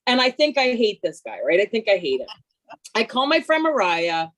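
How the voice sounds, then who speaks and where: A woman in her fifties telling a comic story over a video call, brash, animated and self-mocking. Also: fairly high pitch, normal speed. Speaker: workshop participant.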